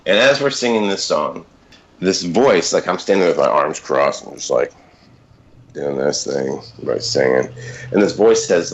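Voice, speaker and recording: A man's voice: low voice, animated, unhurried, highs cut off. A man in his thirties, a podcast guest, telling a personal story casually, rambling and often interrupting himself with fillers and asides.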